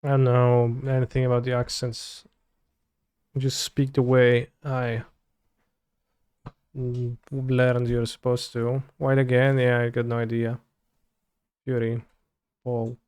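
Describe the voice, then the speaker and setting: A man's voice: medium pitch, monotone, takes it slowly, pauses often, a little mellow, clean tone, no room sound. A man streaming a card game, talking casually through his plays and muttering to himself with loose, offhand remarks. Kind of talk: casual live play commentary.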